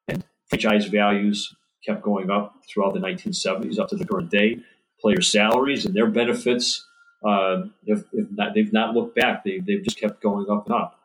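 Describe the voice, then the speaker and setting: Deep-voiced man, author guest. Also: flat delivery, normal speed, slight background noise, poor audio. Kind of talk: interview answers.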